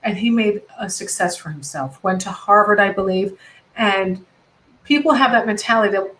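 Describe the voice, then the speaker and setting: A woman's voice: medium pitch, moderate pace, a bit bright, rough recording. A middle-aged American woman comedian, talking passionately and rambling with many self-corrections over a video call. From United States. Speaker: comedian guest. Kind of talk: casual video-call conversation.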